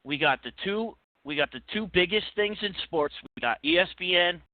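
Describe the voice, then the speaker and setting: A man on a podcast, casually telling a lively story with lots of restarts. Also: high voice, normal speed, no room sound. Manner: animated anecdote-telling with many restarts. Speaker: podcast co-host. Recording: tinny phone-like line, dry.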